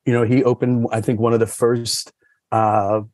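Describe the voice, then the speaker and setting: A man's voice: flat delivery, moderate pace, a little mellow, no echo. Chatty man, dry close mic. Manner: rambling storyteller, many fillers like "you know" and "like"; acts out quoted dialogue with raised pitch. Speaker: podcast guest, sommelier. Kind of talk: casual chat.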